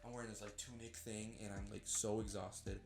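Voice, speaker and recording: Young man telling lively stories, music behind. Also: on the low side, a little fast. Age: young adult. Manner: animated storytelling, acts out quotes. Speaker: podcast co-host. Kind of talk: casual chat.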